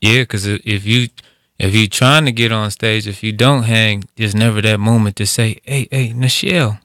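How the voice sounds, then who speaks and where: A man's voice: fairly low pitch, level tone, moderate pace, a bit bright, dry recording. A man who is a comedian guest on a talk show, answering in a laid-back, playful way with short replies. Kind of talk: casual interview chat.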